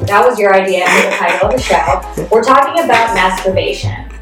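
A woman's voice: mid-range voice, fairly quick, heavy reverb, recorded from a distance, loud music behind the voice, poor audio. A woman in her thirties hosting a podcast, chatting frankly with lots of fillers and restarts. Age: 30s. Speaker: podcast host. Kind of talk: casual candid chat.

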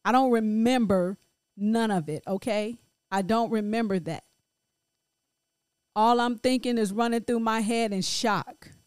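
A middle-aged grieving woman speaking in a halting, emotional personal monologue full of restarts. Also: a little high, darkish tone, no echo. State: grief-stricken. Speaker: grieving mother sharing her story.

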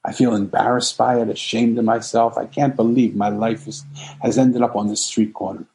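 A man's voice: medium pitch, flat delivery, normal speed, darkish tone, a little hiss or hum, close to an everyday voice. A man voicing a despairing, ashamed homeless man in an emotional retelling.

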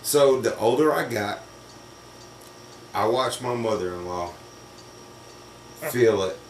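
A man's voice: mid-range voice, slow pace. Profane storytelling man, distant and roomy. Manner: animated, profane, laughs through his stories. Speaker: podcast co-host. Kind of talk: casual storytelling chat. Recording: roomy, distant mic with faint noise.

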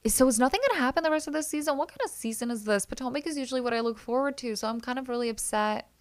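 A woman's voice: fairly high pitch, fairly bright tone, clear, resonant tone. Chatty young woman recapping reality TV. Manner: chatty, opinionated, addresses listeners as guys. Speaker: podcast host. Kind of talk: solo reality TV recap podcast.

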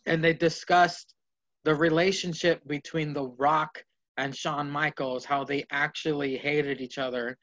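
A man with a fairly high, fairly bright voice speaks flatly at a measured pace on dull lo-fi podcast audio. Co-hosting a casual wrestling podcast, he rambles profanely through fantasy booking and acts out what the wrestlers would say.

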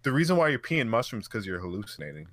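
A man's voice: fairly low pitch, sing-song, quick pace, fairly bright tone, no room sound, studio quality. A man in casual chat, wisecracking and profane, often cutting in with short remarks. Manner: wisecracking, profane, brief interjections.

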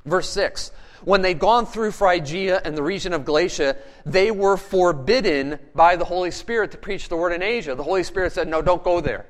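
A man preaching a sermon as pastor, animated and firing rhetorical questions at his congregation. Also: sits high, normal speed.

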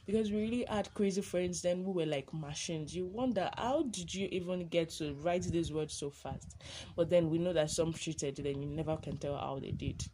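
Podcaster rambling on solo, lots of ums and restarts, mid pitch, easygoing. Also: normal speed, mellow, a little hiss or hum. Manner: chatty, rambling, many ums and self-corrections, laughs often. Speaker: podcast host. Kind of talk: casual monologue reminiscing.

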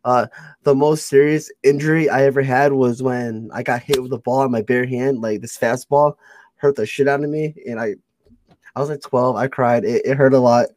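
A young man chats as an interview host, quick to joke at his own expense and to laugh. His voice sits at an ordinary pitch, recorded close and dry with no room sound. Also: steady tone, darkish tone, no room sound. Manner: joking, self-deprecating, laughs often. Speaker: podcast host. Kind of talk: casual interview chat.

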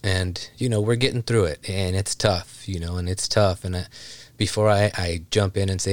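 A man's voice: deep voice, steady tone, normal speed, no room sound. A man hosting his own podcast, talking candidly and a bit emotionally, rambling with lots of fillers. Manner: candid, rambling, heartfelt, many "you know" fillers. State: emotional, voice strained. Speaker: podcast host. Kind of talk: casual solo podcast talk.

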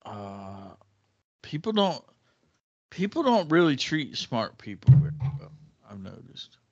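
A man's voice: mid-range voice, big pitch swings, measured pace, darkish tone, no room sound. Rambling man telling a story. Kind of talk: casual chat, storytelling. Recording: dull, dry lo-fi recording.

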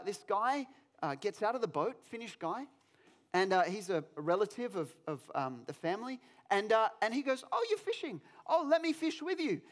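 A male pastor preaching a sermon, telling a personal story in an animated, self-deprecating way. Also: high-pitched.

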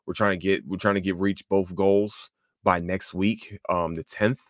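Male podcast host, low voice, dry close sound; loose, swearing, excitable, stumbles and restarts a lot. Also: unhurried, no echo. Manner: excitable, profane, many restarts and fillers. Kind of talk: casual solo podcast talk.

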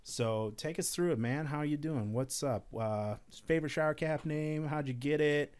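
A man's voice: a little high, darkish tone, clear, resonant tone. A man hosting a podcast reunion, chatting casually and firing off strings of questions between laughs. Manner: laughs often, asks rapid strings of questions. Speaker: podcast host.

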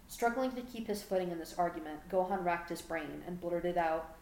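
Woman narrating a story, low voice, echoey. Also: normal speed, darkish tone. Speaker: fan fiction audiobook reader. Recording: echoey room with faint background hum.

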